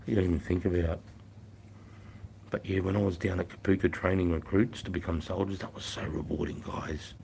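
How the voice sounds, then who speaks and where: A gruff man in his fifties, his low voice full of gravelly fry. He talks casually and bluntly to viewers, swearing freely as he tells stories. A faint hiss of noise sits under the recording. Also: level tone, a little fast, a little mellow. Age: 50s. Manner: blunt, profane, storytelling. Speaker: livestreamer and former army instructor.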